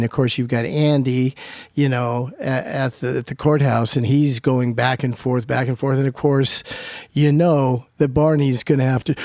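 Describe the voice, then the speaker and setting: A man's voice: medium pitch, a little mellow, dry recording, studio quality. A middle-aged man co-hosting a casual chat show, telling stories in a rambling way and acting out what others said. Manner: rambling storyteller, acts out quoted lines. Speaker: co-host.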